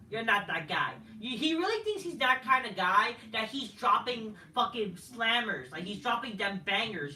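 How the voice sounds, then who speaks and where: In a very high, bright, forceful voice, a man reviews a wrestling show with a heated, mocking rant, cursing nonstop. He sounds roomy and distant from the mic, with slight background noise.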